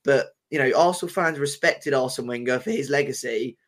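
English bloke on a footy podcast, talks fast, fed up and swearing. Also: male voice, medium pitch. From England. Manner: fast, frustrated fan rant with swearing. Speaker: podcast co-host. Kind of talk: casual football chat.

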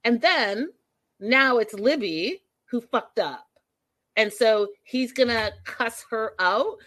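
A woman talks straight to her viewers, recapping a reality show with blunt, exasperated commentary and plenty of swearing. Her voice is bright and forceful, with a close, dry sound and no room echo. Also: on the high side, takes it slowly. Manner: acts out quoted people with sudden loud bursts. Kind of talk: casual recap chat to viewers.

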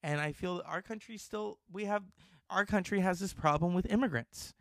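A man hosting a casual talk show, animated and outspoken, swearing freely. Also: high-pitched, normal speed, gravelly, dry recording, studio quality. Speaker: host.

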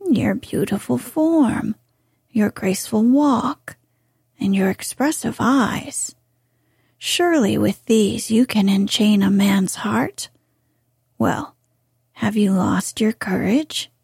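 A woman's voice: medium pitch, creaky, breathy edge, no echo, studio quality, exaggerated voice. A woman whispering as a sly sea witch. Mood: demanding. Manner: soft, slow whispering. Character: scheming sea witch, female, ancient and sly. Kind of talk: whispered role-play.

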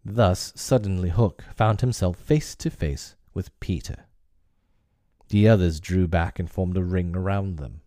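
A man reading a classic story aloud as narrator, in a measured and expressive storybook way. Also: low voice, no room sound, studio quality.

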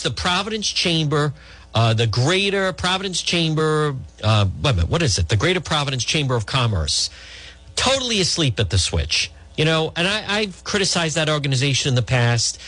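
A man's voice: fairly high pitch, sing-song, normal speed, bright, forceful tone, no room sound. A middle-aged man hosting talk radio, giving blunt, rambling political opinions with many restarts.

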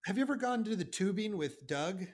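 Man, guest, casual chat, eager storyteller, slightly high voice. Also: lively intonation, brisk. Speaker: guest, podcaster.

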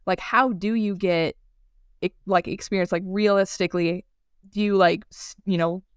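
A woman's voice: mid-range voice, fairly even intonation, normal speed, smooth, no echo, studio quality. A woman with a Midwestern accent co-hosting an aviation podcast, asking questions in a playful, joking way. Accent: Midwestern American. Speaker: podcast co-host. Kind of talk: casual interview.

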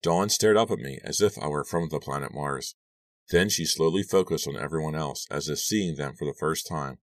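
An audiobook narrator with an extremely deep male voice reading a first-person story steadily. The sound is close and dry, with no room around it. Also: normal speed, dry recording, far from the mic.

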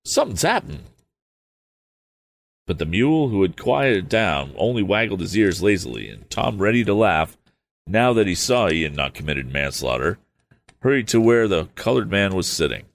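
A man's voice: low voice, very animated, moderate pace, creaky. A man reading an old novel aloud, stopping for hesitant, apologetic asides. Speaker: audiobook reader.

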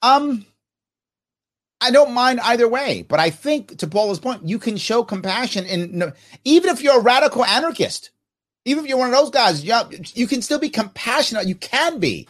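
A man hosting a podcast, answering viewer comments in casual talk, animated and emphatic, asking himself rhetorical questions. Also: extremely high pitch, moderate pace.

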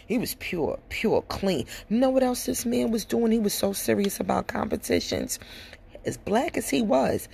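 A woman's voice: on the high side, sing-song, moderate pace, vocal fry, dark tone, a little hiss or hum. A woman hosting a podcast, telling a personal story bluntly and with frank profanity. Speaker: podcast host. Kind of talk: casual storytelling monologue.

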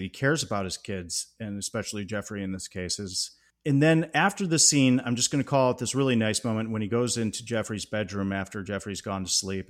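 A man co-hosting a podcast, talking through a film scene in a thoughtful, analytical way. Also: lowish voice. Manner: thoughtful, analytical, animated when praising. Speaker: podcast co-host. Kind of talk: casual film discussion.

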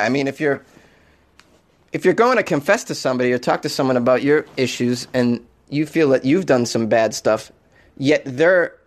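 A man hosting a comedy weird-news show, riffing on stories in a jokey, rambling way. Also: mid-range voice. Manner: jokey, rambling, quick to laugh.

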